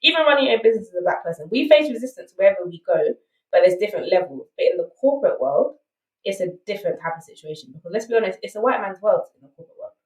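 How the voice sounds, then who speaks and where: A woman's voice: mid-range voice, expressive, racing, roomy sound, far from the mic, poor audio. A woman with a South London accent, a podcast guest telling her story candidly and emphatically, often checking in with "right?". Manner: emphatic, rhetorical asides like "right?".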